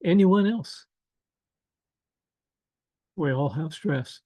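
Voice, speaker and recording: An older man presenting an online workshop over a video call, speaking slowly and gently with many fillers and asides. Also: a little high, expressive, no echo, rough recording. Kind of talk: casual online workshop talk.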